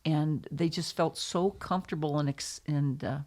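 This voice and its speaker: Effusive woman author, low voice. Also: steady tone, normal speed. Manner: effusive, warm storyteller with exclamations. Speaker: author guest. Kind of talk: casual interview chat.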